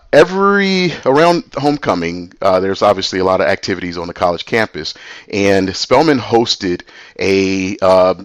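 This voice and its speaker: A man's voice: low-pitched, no echo. Man casually telling a campus story. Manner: animated, voices other people in quotes.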